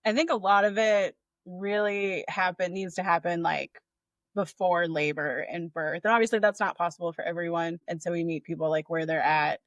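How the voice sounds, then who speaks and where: A woman's voice: on the low side, moderate pace, dry recording, lo-fi sound. A woman doula with a slight Southern American accent, talking casually in a podcast interview with lots of fillers. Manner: casual, many fillers like 'like', expressive. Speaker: doula and birth educator.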